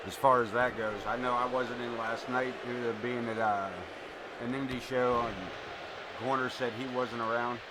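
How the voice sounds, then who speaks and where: A man streaming live, calling wrestling play-by-play and chatting casually in an excitable, rambling way, swearing now and then. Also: medium pitch, normal speed, background noise. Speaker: streamer commentating a wrestling game. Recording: music playing behind.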